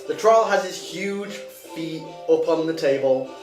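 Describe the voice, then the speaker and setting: A man's voice: fairly high pitch, a little slow. Guy running a dnd session, lots of ums, music playing behind. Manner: hesitant, many ums and restarts. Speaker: game master. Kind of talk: narrating a tabletop game. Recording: echoey room with music behind.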